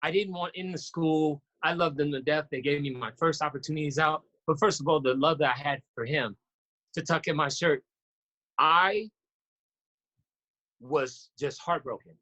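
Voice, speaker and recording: An animated man, talking as a guest on a podcast. He tells his stories in a fairly high voice and jumps up even higher when he acts out what other people said. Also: normal speed, muffled recording. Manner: animated, acts out quotes with sudden pitch jumps. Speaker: podcast guest, basketball coach. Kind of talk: storytelling in casual interview.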